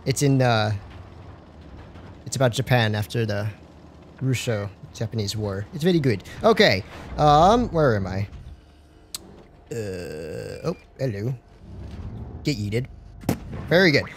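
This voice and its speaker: A young man doing live gameplay commentary on a stream, excitable and slangy, joking and talking to his chat. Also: medium pitch, slow pace, long pauses, a little hiss or hum.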